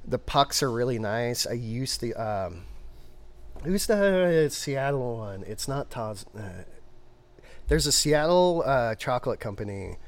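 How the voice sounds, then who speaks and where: A man co-hosting a casual brewing podcast, talking in an animated, rambling way full of restarts. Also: mid-range voice, slow. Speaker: podcast co-host, brewer. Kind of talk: casual chat.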